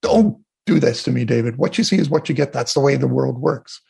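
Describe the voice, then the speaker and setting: Gravelly husky man telling stories. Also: medium pitch, fairly quick. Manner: animated storyteller, acts out quotes. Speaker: guest, energy healer. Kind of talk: casual interview talk.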